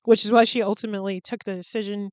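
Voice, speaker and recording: A woman's voice: mid-range voice, flat delivery, fast talker, darkish tone, clean tone, no room sound. A woman hosting a podcast in casual chat, candid and chatty, swearing freely and laughing between sentences. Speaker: podcast host.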